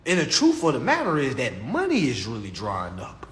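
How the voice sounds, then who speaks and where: A man delivering a comedic rant to camera in an animated, preachy and mocking way. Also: medium pitch, normal speed. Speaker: vlogger.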